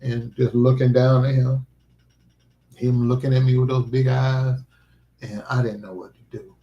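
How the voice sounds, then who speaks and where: A middle-aged man hosting a livestream, telling a personal story in a halting, emotional way. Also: medium pitch, little pitch movement, highs cut off. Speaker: livestream host. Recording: roomy echo.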